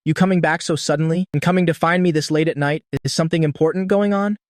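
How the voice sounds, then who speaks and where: Man reading as a commanding young woman boss, cool and teasing, higher man's voice, dry sound. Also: fairly even intonation, quick pace, no room sound, lightly acted. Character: cold, domineering young woman company president.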